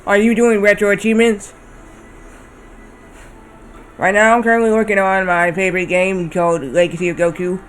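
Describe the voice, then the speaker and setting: High-voiced man rambling on stream. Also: flat delivery, normal speed, long pauses, fairly bright tone, soft background music. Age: 30s. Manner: rambling, often corrects himself. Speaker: livestreamer. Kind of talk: casual chat while playing a game.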